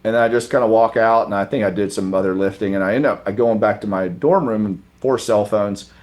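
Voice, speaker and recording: A man's voice: fairly low pitch, fairly quick. A man guest on a podcast, casually telling a self-mocking story and acting out the voices of the people in it. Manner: animated, acts out the voices of people in his stories; relaxed, self-mocking, mild swearing. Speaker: podcast guest, former college thrower.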